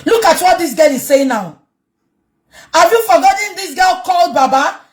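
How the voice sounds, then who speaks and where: Heated Nigerian woman vlogger, lively pitch. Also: normal speed. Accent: Nigerian, Yoruba. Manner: emphatic, switches between English and Yoruba, bursts into shouting. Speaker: online commentator. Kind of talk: heated commentary vlog.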